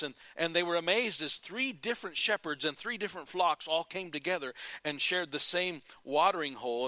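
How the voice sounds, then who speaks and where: A man preaching a sermon in an earnest style, rising to emphatic calls and dropping quiet. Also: fairly high pitch, dry recording. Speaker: pastor.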